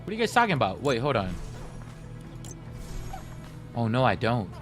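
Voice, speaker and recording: A man's voice: mid-range voice, sing-song, moderate pace, soft background music. A man streaming live, chatting casually with his viewers and telling stories straight to chat. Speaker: gaming livestreamer.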